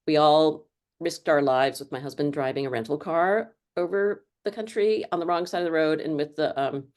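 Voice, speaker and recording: A middle-aged woman author chatting in an interview, rambling warmly with lots of fillers and restarts. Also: sits low, moderate pace. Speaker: author guest. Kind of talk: casual interview chat.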